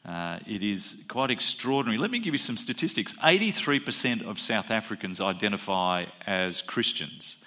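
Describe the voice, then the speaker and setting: A pastor addresses his congregation in an easygoing sermon, pausing on fillers and repeating key figures for weight. His voice sits a little low, with a bright, forward edge. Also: sing-song. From Australia.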